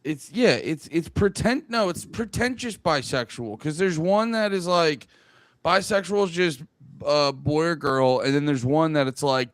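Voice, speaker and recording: A man's voice: a little high, unhurried, no echo. A man co-hosting a podcast in crude casual banter, rambling and restarting often. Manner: rambling, restarts often, quotes others in mock voices. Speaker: podcast co-host.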